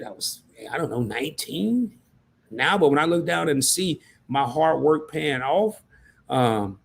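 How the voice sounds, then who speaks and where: Man, livestream host, casual slang, reads chat aloud, slightly high voice. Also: creaky, slightly rough. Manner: loose slangy talk, reads out chat messages.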